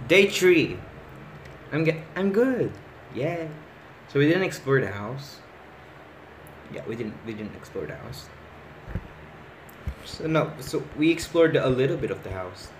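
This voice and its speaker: Excitable male gamer, slow-talking, thinking aloud through a horror game, faint ambience behind. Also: mid-range voice, a little hiss or hum. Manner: excitable, talks to himself, repeats words. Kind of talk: let's play commentary.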